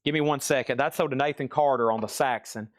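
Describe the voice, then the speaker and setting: Talking fast in a mid-range voice, the live-stream vinyl seller rambles folksily through his sale and hums pieces of songs. There's no echo, and the audio is clean studio quality.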